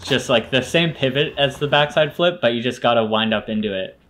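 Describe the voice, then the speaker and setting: A man co-hosting a casual podcast chat, laid-back and halting, with many fillers. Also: medium pitch, a bit bright, a little hiss or hum. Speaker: podcast co-host.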